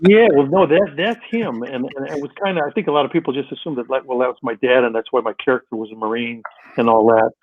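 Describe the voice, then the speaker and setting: A man's voice: mid-range voice, quick pace. An older man, a guest actor in a casual radio interview, talking in long rambling stretches full of restarts and repeated words. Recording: muffled phone line, dry.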